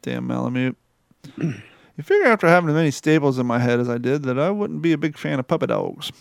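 A man's voice: mid-range voice, animated, quick pace, gravelly, clean tone, no echo, studio quality. A man in a casual chat who rambles through his stories and swears freely.

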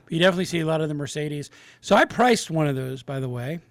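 A man's voice: a little high, lively intonation, fast, no room sound. A man co-hosting a casual chat, tossing in wry, teasing asides.

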